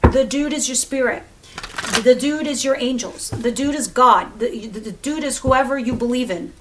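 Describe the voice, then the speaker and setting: Woman tarot reader, casual and chatty, drops swear words, voice on the higher side. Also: normal speed, background noise. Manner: chatty, swears freely, laughs at the cards.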